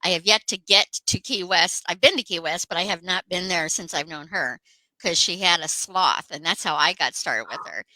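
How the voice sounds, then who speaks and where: Low bright-voiced woman host. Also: moderate pace, no echo, rough recording. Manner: rambling storyteller with many fillers. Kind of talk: casual chat.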